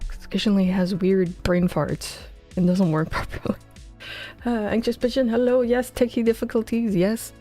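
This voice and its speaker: Over soft background music, a woman with a dark, steady, medium-pitched voice chats at a moderate pace while livestreaming her game coding. The game dev streamer sounds tired, close on a headset mic, her casual talk scattered and full of self-mockery.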